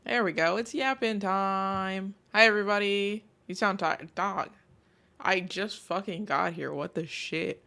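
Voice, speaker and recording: Sick streamer woman with a bright voice. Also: lowish voice, measured pace, creaky, soft background music. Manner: chatty, swears casually, greets and answers chat. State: sore throat, coming down sick. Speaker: VTuber streamer. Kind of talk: casual live-stream chat.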